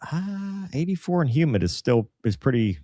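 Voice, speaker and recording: A man's voice: fairly high pitch, big pitch swings, moderate pace, mellow, no room sound, studio quality. A man hosting a podcast, chatting casually and animatedly, often mimicking the voices of people he quotes. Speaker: podcast host.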